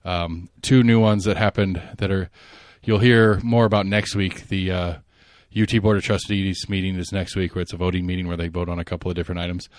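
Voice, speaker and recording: Low-voiced man rambling about local politics. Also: brisk, hardly any pauses, dry recording, clean studio sound. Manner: rambling, animated, lots of fillers and restarts. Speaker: podcast host. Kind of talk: casual political chat.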